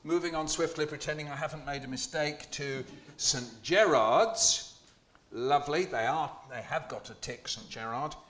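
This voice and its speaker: Brief: a playful poet host working a room of schoolchildren, slightly high voice, echoey hall. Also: male voice, moderate pace. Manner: playful, jokey, animated, asks the children questions. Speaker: children's poet hosting a school poetry launch. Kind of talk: lively performance to schoolchildren.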